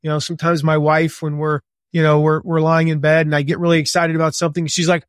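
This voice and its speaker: A man in his forties, a guest on a podcast interview, talking in a gregarious, animated and slightly loud way, with lots of casual fillers. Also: on the high side, fairly quick, dry recording, studio quality. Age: 40s. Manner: conversational with many fillers. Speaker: guest author and business coach.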